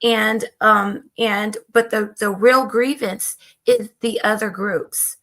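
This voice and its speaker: Hoarse woman explaining steadily. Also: mid-range voice, fairly even intonation, slow pace, fairly bright tone. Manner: explanatory, hesitant with fillers. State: hoarse, voice going out. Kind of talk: casual discussion.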